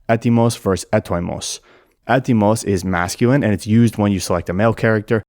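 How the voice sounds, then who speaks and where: Deep-voiced guy narrating an educational vid, steady and methodical, dry close sound. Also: fast, no echo. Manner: clear, methodical explaining. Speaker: language explainer.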